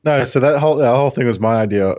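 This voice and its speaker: A man talking as a guest in a casual chat, relaxed and explanatory, with many fillers. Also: mid-range voice, rapid-fire, highs cut off. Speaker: guest, video creator.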